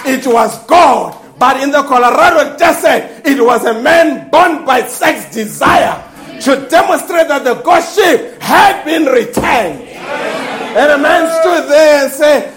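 Male preacher, very high voice, shouting fervently, faint congregation behind. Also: animated, measured pace, a faint crowd. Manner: fervent, breaks into shouts and laughing exclamations. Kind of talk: sermon with call and response.

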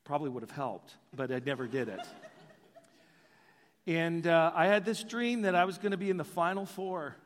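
A man preaching a sermon as pastor, animated and joking in asides. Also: on the high side, moderate pace, big-room sound, a little hiss or hum.

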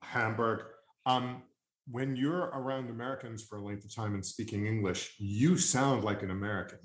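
A man's voice: medium pitch, fairly even intonation, moderate pace, roomy sound. A man from Long Island interviewing a guest in a casual chat. He rambles with fillers and restarts. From Long Island, New York.

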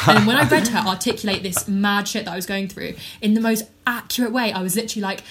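A young woman, a podcast guest talking candidly and animatedly, with lots of "like" and quick tangents. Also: medium pitch, noisy background. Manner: animated, fast-talking, heavy use of "like". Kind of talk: candid conversational storytelling.

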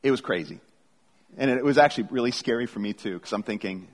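A middle-aged man, a pastor, preaches a sermon in a medium-pitched voice and talks fast. He reads scripture and tells stories in a casual, conversational way, often restarting his phrases. The recording carries a long hall reverb.

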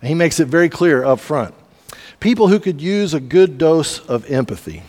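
A pastor delivering a sermon in a conversational, storytelling way with casual asides. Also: male voice, on the high side, very animated, normal speed, darkish tone, big-room sound.

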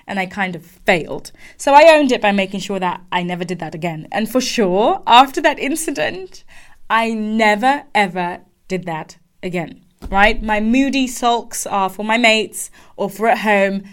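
A woman's voice: medium pitch, normal speed, hardly any pauses. A young adult woman coaching listeners on careers, telling a personal story with emphatic repetition. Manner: animated storytelling, frequent restarts and emphatic repetition. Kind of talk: advice monologue with personal story.

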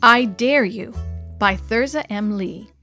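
A woman reading a story aloud to children in a cheerful, expressive storybook manner. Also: fairly high pitch, slow, music in the background.

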